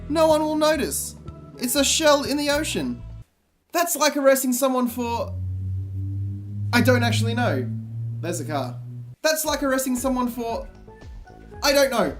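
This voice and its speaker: Sarkastischer Mann mit australischem Akzent. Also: male voice, very high voice. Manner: sarcastic, exasperated, deadpan asides. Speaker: game commentator. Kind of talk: sarcastic comedic commentary.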